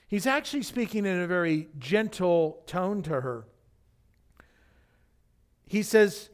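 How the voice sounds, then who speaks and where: A man's voice: fairly high pitch, animated, measured pace. A man, the senior pastor, preaching a conversational sermon full of fillers and restarts.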